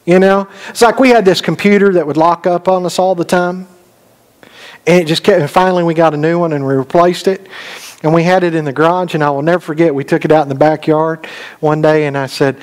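Preaching man, conversational, fairly high voice. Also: steady tone, fast talker. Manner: conversational preaching, rhetorical questions, swings from loud to low storytelling. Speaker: pastor. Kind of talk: sermon. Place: church sanctuary.

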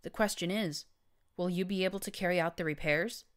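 A woman voicing a manipulative female pony leader with a smooth, purring way of talking, in an audiobook reading. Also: on the low side, brisk, voice pushed up, close to an everyday voice. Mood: smooth, scheming.

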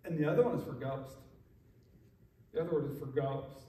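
A man's voice: on the high side, brisk, mellow. A male pastor preaching a casual, joking sermon in a conversational way. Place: church sanctuary. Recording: echoey room from a distance.

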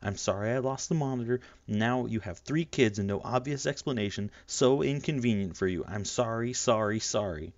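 A man's voice: mid-range voice, moderate pace, hardly any pauses, no echo, muffled recording, lightly acted. Ender, a man playing a hurt small boy. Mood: anguished. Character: small, anguished young boy, quiet and hurt.

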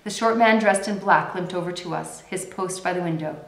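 Brief: female reader, measured dramatic read-aloud, lowish voice, roomy room sound. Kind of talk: reading a novel aloud. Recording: roomy echo.

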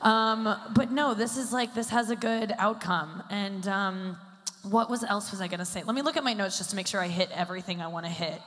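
A woman's voice: medium pitch, brisk, a bit bright. A woman in her thirties doing a self-deprecating stand-up routine on a large stage, talking in a chatty way with lots of fillers. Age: 30s. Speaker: stand-up comedian. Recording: live hall with long reverb.

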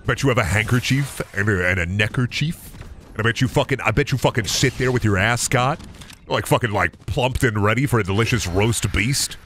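A man's voice: on the low side, a little fast, fairly bright tone, slight background noise. A young man streaming a video game, chatting casually and profanely, breaking into yelps and cheers.

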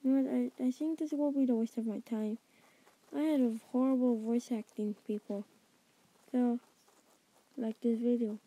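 Brief: a woman with a high, soft, dark voice, improvising halting lines for every character in a homemade stop-motion film. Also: fairly even intonation, no echo, poor audio. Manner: halting and improvised, with many restarts. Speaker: maker voicing all characters.

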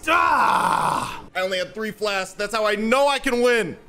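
Guy streaming games, super high animated voice, hypes and trash talks, drawn out slow delivery. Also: vocal fry. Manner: excitable, trash-talking, loud outbursts. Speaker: gaming streamer. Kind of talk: gameplay commentary. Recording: loud game music behind.

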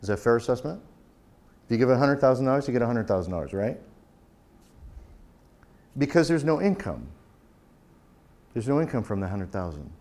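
A man's voice: mid-range voice, very animated, brisk, long pauses, a little mellow. A man speaking as a pastor, giving a conversational talk and acting out the quoted exchanges in his stories. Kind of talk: conference talk.

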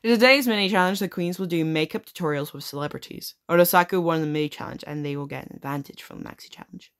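A woman who makes gaming videos plays a simulator game in casual let's-play commentary, reading on-screen text aloud and swearing often. Her voice is low-pitched and fast.

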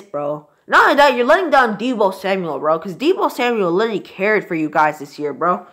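Brisk with few pauses, his high-sitting voice pushed and bright, a young man delivers very animated live football reactions, full of profanity, exasperation, and an ever-present "bro."

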